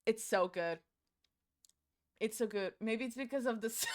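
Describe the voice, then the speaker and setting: A woman's voice: fairly high pitch, normal speed, pushed and bright. Chatty Portuguese-accented woman streamer. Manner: chatty, swearing, rambling with playful outbursts. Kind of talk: casual chat while doing makeup on stream.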